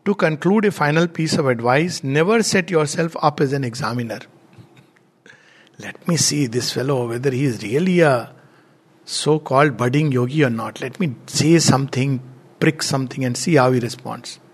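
A man's voice: medium pitch, moderate pace, breathy edge. A man giving a spiritual talk. He is earnest, tells anecdotes and lists virtues one by one. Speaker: spiritual teacher.

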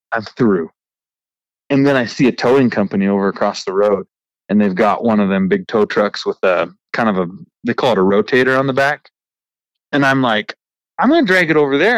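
A man who works as a trucker, hosting a podcast and telling an animated, frustrated story in casual chat with a laugh now and then. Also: mid-range voice, no room sound, poor audio. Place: remote recording.

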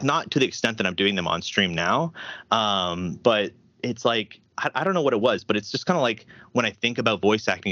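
A man's voice: fairly low pitch, a bit bright, no room sound, muffled recording. A man guesting on a podcast, chatting casually and rambling with lots of fillers. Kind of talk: casual interview chat.

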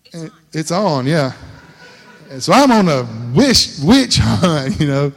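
A man's voice: fairly high pitch, very animated, takes it slowly. A middle-aged man preaching a sermon, telling a folksy story and laughing often. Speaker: pastor. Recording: long hall reverb.

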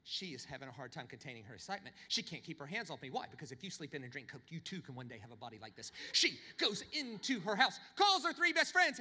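A man preaching a sermon, telling humorous stories with animated, swinging delivery. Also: quick pace, few pauses, husky, in a large hall. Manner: animated, humorous storytelling with big pitch swings. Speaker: pastor.

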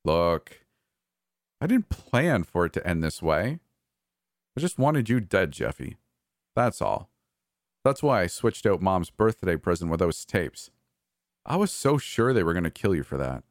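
A manic, cruel brother, put on by a man reading a horror story, taunting and mocking with wildly swinging pitch. His voice is dry and close. He lurches between cold sneers and yelling. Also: sing-song, measured pace, long pauses, dry recording, full character voice.

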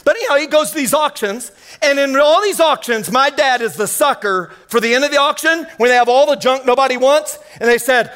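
A man with a very high-pitched voice preaches with lively energy. He tells a story from the pulpit, breaking into excited exclamations as he goes. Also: a little fast. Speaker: pastor. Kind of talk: sermon.

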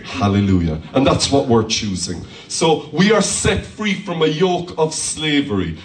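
A man preaching a lively sermon as pastor in a church hall, calling out hallelujahs. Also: a little high, moderate pace, hardly any pauses, a crowd in the background. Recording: echoey church hall from far off.

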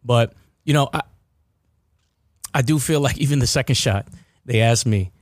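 A man's voice: mid-range voice, moderate pace, dry recording, clean studio sound. A man hosting a casual podcast chat, rambling with restarts and repeated words. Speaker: podcast host.

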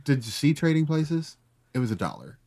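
A man's voice: fairly high pitch, moderate pace. A man in a casual movie podcast chat, recapping the plot with sarcastic asides. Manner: animated, sarcastic, recaps plots. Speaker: podcast co-host.

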